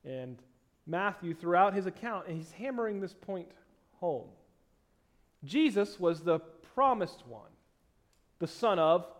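A man preaching a sermon as pastor, reading scripture aloud with slowed, stressed phrases and swinging between loud emphasis and quiet asides. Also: high-pitched.

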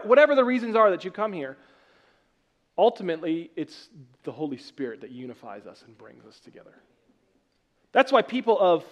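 A man preaching a sermon as pastor, teaching from scripture with casual joking asides to the congregation. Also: on the high side.

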